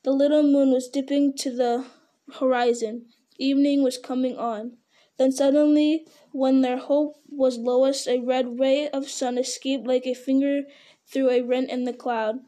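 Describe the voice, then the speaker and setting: A woman's voice: high-pitched, little pitch movement, measured pace, mellow. A woman reading a novel aloud in an unpolished way, stumbling over words and restarting them. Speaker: reader.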